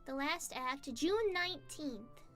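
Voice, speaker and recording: A woman's voice: sits high, lively intonation, slow. A woman chatting casually with her livestream viewers, bubbly and giggly, reading out their messages. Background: faint background music.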